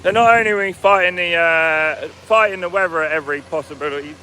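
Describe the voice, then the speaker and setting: A man's voice: on the high side, a little fast, bright, forceful tone. A man, a farmer, chatting casually on a live stream from his sprayer cab and greeting viewers by name. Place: sprayer cab on a farm field. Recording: mic at a distance, vehicle noise.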